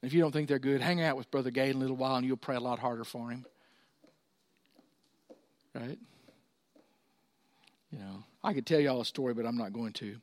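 A man's voice: medium pitch, no echo. A middle-aged man, preaching a sermon in a folksy, conversational way with asides to his congregation. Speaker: pastor.

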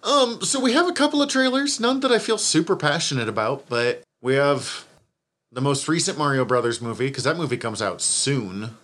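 A man's voice: on the high side, normal speed, fairly bright tone. A man co-hosting a casual movie podcast, rambling and correcting himself as he talks. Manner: rambling, self-correcting, laughs often. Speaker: podcast co-host. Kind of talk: casual chat.

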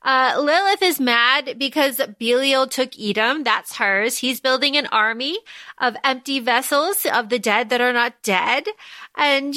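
A woman's voice: sits high, bright, forceful tone. A woman co-hosting a podcast in casual book chat, animatedly acting out characters' lines. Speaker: podcast co-host.

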